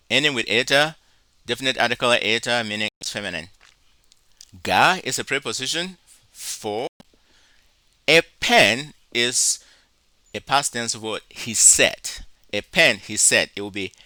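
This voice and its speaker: Male teacher, deliberate lecture delivery, syllable by syllable, dry close sound. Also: mid-range voice, expressive, bright, forceful tone, no echo. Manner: slow, deliberate, spells out syllables. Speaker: Greek teacher. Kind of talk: recorded lecture.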